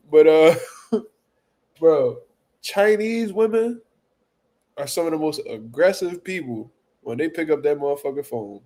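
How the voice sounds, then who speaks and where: A male boxing talk show host spins profane comic stories in a loose, animated way, repeating himself and laughing. His voice sits a touch higher than most men's. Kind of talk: casual comedic storytelling.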